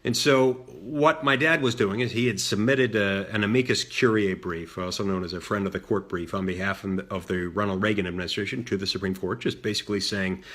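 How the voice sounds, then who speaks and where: A middle-aged man telling a personal story in a measured way, with frequent fillers and restarts. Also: fairly low pitch, a bit bright. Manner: measured, many fillers and restarts, mimics voices in quotes. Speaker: senator recounting a childhood story. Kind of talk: storytelling monologue.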